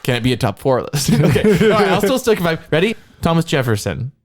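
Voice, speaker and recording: A man's voice: on the high side, big pitch swings, fast. An American man co-hosting a podcast, trading jokes in casual, bantering chat. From United States. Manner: jokey, bantering, slips into silly voices. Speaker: podcast co-host.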